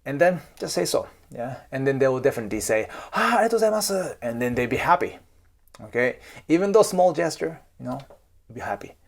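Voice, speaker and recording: Japanese accented guy talking to camera, chatty, keeps asking right? okay?, mid pitch. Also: animated, brisk, gravelly. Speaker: YouTube host and cultural coach. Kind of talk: casual advice talk to camera.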